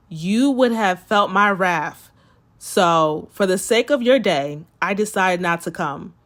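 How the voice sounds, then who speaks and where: A young woman chatting casually to viewers in a storytime, animated and calling them y'all, acting out the people she quotes. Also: fairly low pitch. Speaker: storytime vlogger.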